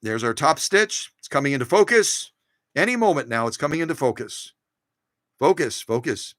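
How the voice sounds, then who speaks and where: A man hosts a relaxed sewing machine demonstration in his home workshop, where he restores and shows off vintage machines, bantering playfully and encouraging his machine and camera. His medium-pitched voice is expressive and fairly bright at a moderate pace. There is no room sound.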